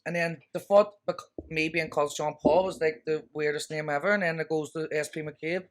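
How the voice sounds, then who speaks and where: Guy on a podcast, bit high voiced, telling stories full of slang. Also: fast talker, hardly any pauses. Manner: animated anecdotes, slangy and profane. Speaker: podcast co-host. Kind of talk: casual chat, storytelling.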